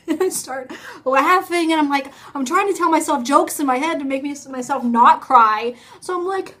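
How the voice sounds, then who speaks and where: A young woman with a high voice talks into her phone camera at home. Her story rambles and is chatty and casual. She breaks off mid-sentence and laughs often. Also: expressive, a little fast, bright, forceful tone. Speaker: vlogger.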